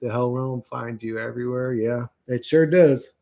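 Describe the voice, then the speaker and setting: Male streamer, casual profane chatter, jokey and rambling, average pitch. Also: moderate pace, gravelly, mellow. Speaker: livestream host. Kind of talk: casual chat reading viewer comments.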